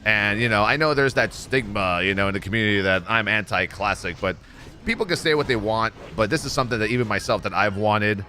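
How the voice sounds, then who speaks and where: Guy streamer rambling about a game event, bright sharp voice, bit of hiss behind. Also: fairly low pitch, a little fast. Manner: animated, jokey storytelling with mimicked quotes. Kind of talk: casual gameplay commentary.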